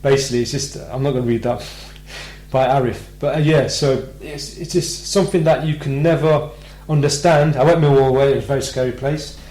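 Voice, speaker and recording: A man from Britain hosting a live radio show, telling a personal story in a lively way and acting out the voices of the people in it. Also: medium pitch, a little fast, few pauses, echoey room, rough recording. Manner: animated storyteller, acts out quoted voices. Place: radio studio.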